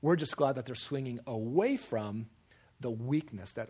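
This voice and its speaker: A man preaching a sermon in an animated way, with repeated emphasis and acted-out quoted voices. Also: mid-range voice, normal speed, slightly rough. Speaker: preacher or teacher.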